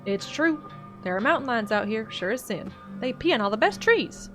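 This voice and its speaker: A woman voicing a stubborn, gruff old backwoods man with a put-on Southern accent in a voiced-over game, with folksy, grumbling speech. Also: a little high, animated, moderate pace, fairly bright tone, soft background music. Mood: insistent. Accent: put-on generic Southern US.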